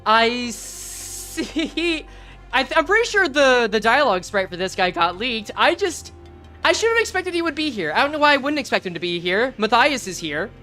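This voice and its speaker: Woman streamer, lively up-and-down voice, slightly high, casual and profane. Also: fairly quick, soft background music. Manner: animated, swears, reads game lines aloud. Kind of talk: casual game commentary.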